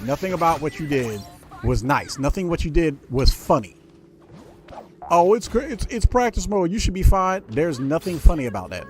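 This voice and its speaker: A man hosting his gaming channel, ranting with indignation about teammates and mocking them in quoted voices. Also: a little high. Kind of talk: ranting gameplay commentary. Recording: music playing behind voice.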